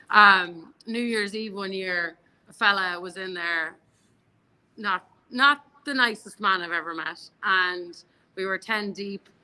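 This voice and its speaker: A woman's voice: medium pitch, sharp tone, poor audio. An Irish woman in her thirties, a bar co-owner, chatting as a guest in a casual interview, telling stories with many restarts. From Ireland.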